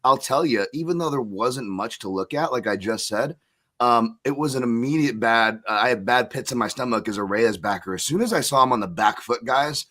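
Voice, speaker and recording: A man's voice: mid-range voice, a little fast, fairly bright tone. Rambling man talking shop. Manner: rambling, lots of fillers and restarts. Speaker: co-host. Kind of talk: casual roundtable chat.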